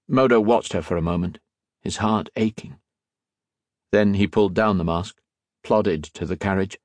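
A man reading a novel aloud as an audiobook narrator, with expressive storytelling. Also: sits low, no room sound, clean studio sound. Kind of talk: scripted narration.

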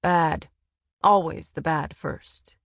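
A cold, preening noble man from a storybook, voiced by a woman reader, smooth and coolly mocking. His voice sits low and moves slowly, recorded close and dry. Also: a bit bright, dry recording, full character voice.

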